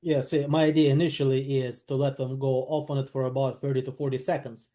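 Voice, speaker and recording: A man's voice: medium pitch, little pitch movement, brisk, warm tone. A man practicing a sales role-play on a video call, thoughtful and a little hesitant. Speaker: sales trainee.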